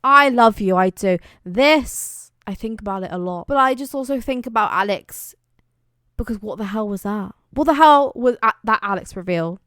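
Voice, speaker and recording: A woman's voice: mid-range voice, animated, moderate pace, a bit bright, dry recording, clean studio sound. A young British woman chatting on her vlog, playful and dramatic, exaggerating for effect. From Britain. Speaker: vlogger. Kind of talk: casual chat.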